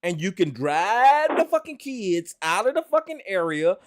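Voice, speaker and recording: Profane, insistent man with a lively high voice. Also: moderate pace, dry recording, studio quality. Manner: profane, insistent, keeps repeating himself. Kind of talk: heated call-in argument.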